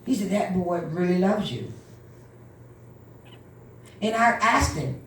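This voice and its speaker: A woman minister giving an animated church testimony, acting out the voices of the people in her story. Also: lowish voice, takes it slowly, slight background noise. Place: church hall. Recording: echoey room from far off.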